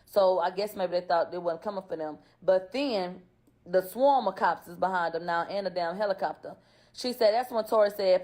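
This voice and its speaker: A woman's voice: on the low side, moderate pace, darkish tone. Blunt, profane woman retelling court testimony. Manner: blunt, profane, talks straight to viewers with rhetorical questions. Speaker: YouTuber recapping court testimony. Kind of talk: casual commentary, retelling testimony.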